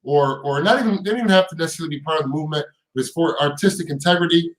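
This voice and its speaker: Guy ranting on his live stream, swears a lot, stumbles over words, kinda high voice, echoey room. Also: very fast. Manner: heated, profane, repeats words and restarts; rhetorical questions in rising bursts. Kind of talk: casual live stream chat.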